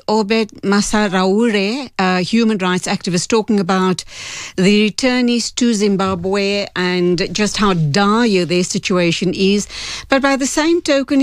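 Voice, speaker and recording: A woman's voice: medium pitch, clear, resonant tone, no echo. Dry-voiced woman radio host. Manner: measured, courteous. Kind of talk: radio interview and links.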